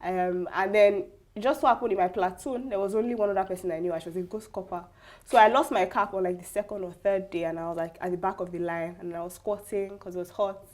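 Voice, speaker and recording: A young woman with a Nigerian English accent tells her story in a relaxed interview. Her voice sits in a middle register, and she keeps it lively, laughing as she acts out the voices of people she quotes. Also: mid-range voice, quick pace. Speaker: guest.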